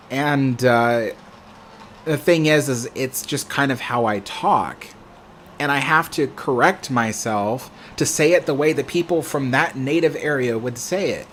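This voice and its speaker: A man's voice: mid-range voice, slight background noise. An American man hosting a livestream, chatting casually and answering viewer comments in a rambling, self-correcting way. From United States. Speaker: livestream host.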